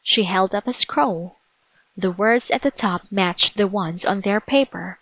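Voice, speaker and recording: A woman reading a children's chapter book aloud as narrator, in a slow, deliberate storytelling manner. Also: mid-range voice, fairly bright tone, no room sound, poor audio. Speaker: storybook reader.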